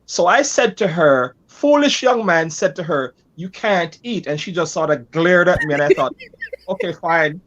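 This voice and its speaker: A pastor telling a lively, self-deprecating story about his life as a guest in a conversation. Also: fairly high pitch, moderate pace, dull audio.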